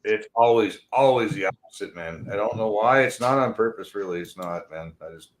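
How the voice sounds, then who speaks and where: A man's voice: on the low side, a little fast. A man streaming, chatting casually with friends, swearing freely and trailing off mid-thought. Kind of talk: casual chat.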